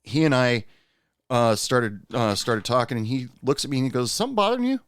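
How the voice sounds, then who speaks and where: A man's voice: medium pitch, steady tone, moderate pace, smooth, no echo. A man hosting a podcast, telling a personal story in a candid, rueful, conversational way. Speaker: podcast host.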